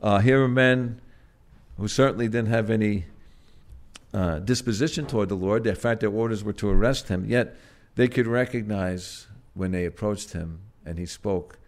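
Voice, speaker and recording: A man preaching a sermon in a gentle, halting way, pausing often and swelling loud on key words before dropping soft again. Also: lowish voice. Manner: gentle, halting, with frequent "uh" and restarts.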